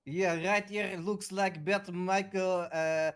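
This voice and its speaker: A man with a high voice plays a rookie police officer in a roleplay game. He answers in an easygoing, laid-back way. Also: steady tone, slow, clean tone. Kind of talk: casual in-character roleplay chat.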